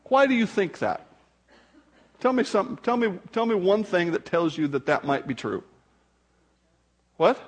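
Older husky-voiced man preaching animatedly. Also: sits high, normal speed, pauses often. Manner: animated, acts out voices of people he quotes. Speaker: pastor. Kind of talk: sermon.

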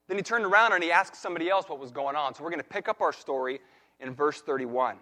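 A man preaching a sermon, retelling a Bible story in a lively way and acting out the characters' lines. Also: on the high side, fast talker. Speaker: pastor.

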